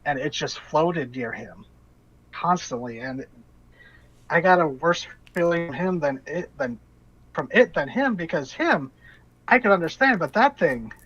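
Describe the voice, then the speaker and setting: A man narrating as game master for a tabletop game, relaying a character's story in halting, restarting phrases. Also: fairly high pitch, lively intonation, fairly bright tone, slightly rough. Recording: dull lo-fi voice chat audio.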